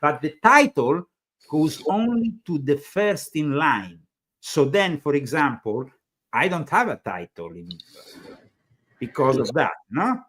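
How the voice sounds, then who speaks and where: A man's voice: a little high, very animated, unhurried, a bit bright. A man with an Italian accent, hosting a talk show in a rambling, hesitant conversational way, full of fillers. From Italy. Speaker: show host. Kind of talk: casual conversational interview.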